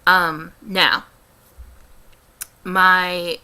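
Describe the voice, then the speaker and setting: A young woman with a light Midwestern American accent talks through a casual question-and-answer vlog, taking her time and choosing her words with care. Her voice sits a little low yet sounds bright and forward, and she pauses and restarts often as she thinks aloud. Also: flat delivery, clear, resonant tone. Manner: careful, deliberate diction with frequent ums and restarts. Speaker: vlogger.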